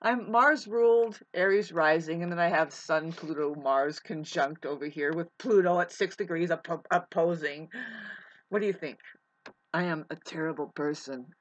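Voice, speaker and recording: A woman's voice: sits low, normal speed. A woman talking through astrology in a casual, rambling monologue, emphatic, cursing now and then and calling her listener babe. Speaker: astrology vlogger. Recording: dull lo-fi sound.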